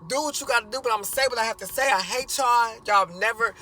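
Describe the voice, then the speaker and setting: A man voicing a defiant teenage son who shouts curses at his family. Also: high-pitched, flat delivery, fast, a little hiss or hum. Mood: furious.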